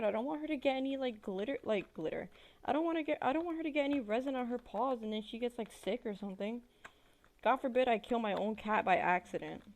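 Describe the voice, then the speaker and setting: A woman's voice: a little high, creaky. A woman streamer chatting casually while she crafts, rambling, profane and full of fillers.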